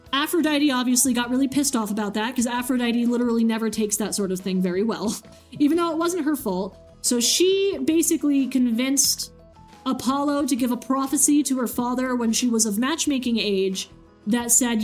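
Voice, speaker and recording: A woman streamer casually retelling a myth, animated and swearing freely. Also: fairly high pitch, moderate pace, faint music behind. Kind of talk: casual storytelling.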